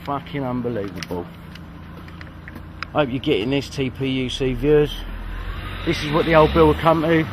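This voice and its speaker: A man's voice: medium pitch, moderate pace, pauses often, noisy background. A man, frustrated and swearing as he films a confrontation on a street. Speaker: vlogger confronting police.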